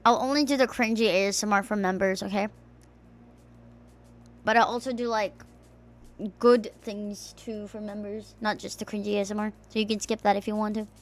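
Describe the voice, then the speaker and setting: A young woman streaming as a VTuber from home, chatting loosely with a slight tomboyish rasp, swearing and laughing as she reads out chat. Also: medium pitch, steady tone, normal speed. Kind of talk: casual livestream chat, reading out chat messages. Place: home room. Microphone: desk streaming mic.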